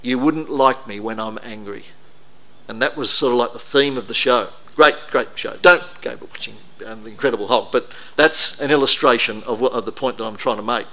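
A man's voice: medium pitch, brisk, few pauses, sharp tone. A middle-aged man, preaching a conversational, anecdotal sermon to a congregation. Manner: conversational, anecdotal, self-deprecating. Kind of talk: sermon talk.

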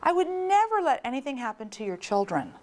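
A woman's voice: high-pitched, big pitch swings, a little fast, voice pushed up. A woman voicing an easygoing adult surfer uncle in a storytelling talk, breezy and reassuring, brushing off worry.

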